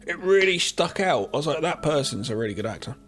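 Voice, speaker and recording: A man's voice: a little high, big pitch swings, fast talker, fairly bright tone, faint music behind. A man co-hosting a podcast, talking casually about a film's acting with some hesitant restarts. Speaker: podcast co-host. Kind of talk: casual film discussion.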